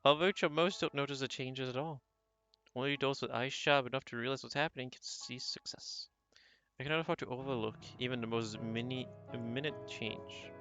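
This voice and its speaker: A man's voice: medium pitch, normal speed, a bit bright, faint music behind, close to an everyday voice. A man reading an arrogant, greedy rich husband. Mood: musing. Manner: arrogant, fussy lecturing. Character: proud wealthy young husband, blunt and greedy.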